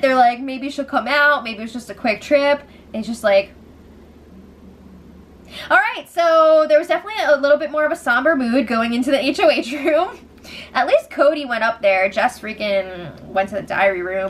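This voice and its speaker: A young woman tells the story in a loose, talkative way, laughing easily and slipping into the voices of the people she quotes. Her voice sits a little high. A faint hiss runs under the recording. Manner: chatty, giggly, animated retelling with quoted voices. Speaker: show recap host. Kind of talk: casual spoiler recap.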